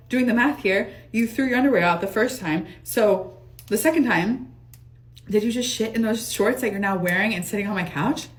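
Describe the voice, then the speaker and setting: This storytime monologue comes from a young woman talking fast in a medium pitch. She keeps it casual and animated, cursing and laughing a lot along the way.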